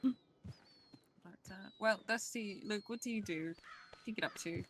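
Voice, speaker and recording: A woman's voice: mid-range voice, normal speed, slight background noise. Wry, sarcastic woman. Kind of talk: in-character roleplay chat.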